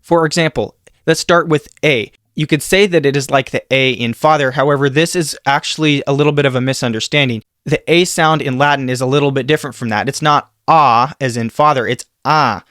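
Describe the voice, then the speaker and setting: A man giving a scripted Latin pronunciation lesson, saying example sounds slowly and carefully. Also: medium pitch, fairly bright tone, dry recording, clean studio sound. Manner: slow, careful demonstration of sounds. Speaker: Latin teacher.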